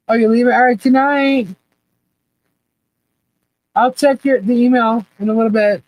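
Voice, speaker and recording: A woman's voice: a little high, fairly even intonation, moderate pace, long pauses, a little mellow, no echo, poor audio. A woman hosting a casual live chat, laughing often and asking puzzled questions as she reads viewer comments. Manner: laughs often, baffled questions, repeats herself.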